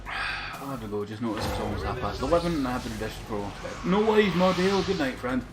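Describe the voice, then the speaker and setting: A man's voice: on the low side, expressive, fast talker. A man chatting casually on a live game stream, rambling and swearing as he talks to viewers.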